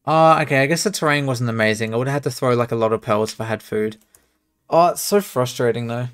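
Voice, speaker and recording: A man's voice: mid-range voice, fast talker, a bit bright, clean tone. A young man streaming, talking to himself as he plays a speedrun, muttering and exclaiming at the game. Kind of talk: live commentary while speedrunning a game.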